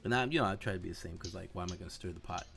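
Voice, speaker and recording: A young man, telling a friend a story in casual chat and often breaking into higher, louder bursts. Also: rapid-fire, creaky, soft background music. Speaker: gamer chatting with a friend.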